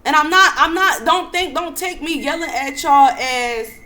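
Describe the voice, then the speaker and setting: A young American woman giving an emphatic, repetitive monologue to camera, often building to near-yelling. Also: sits high, measured pace. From United States. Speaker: spiritual vlogger.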